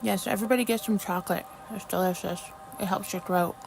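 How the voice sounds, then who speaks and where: A woman's voice: medium pitch, fairly even intonation, quick pace, creaky, soft background music, low-quality recording. A woman hosting a casual livestream while crafting, chatting with viewers, reading trivia questions and often apologizing. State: mouth full of chocolate at times. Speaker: livestream host.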